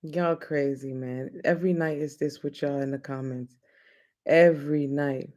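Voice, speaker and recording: A man's voice: on the high side, fairly even intonation, unhurried, darkish tone. A man hosting a casual chat show, talking in a loose, joking, slangy way. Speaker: host.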